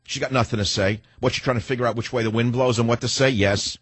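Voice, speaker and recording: A man's voice: medium pitch, fairly even intonation, quick pace, slightly rough, dry recording. An older man in his sixties hosting a talk radio show, delivering a combative, ranting monologue that turns reflective at times. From United States.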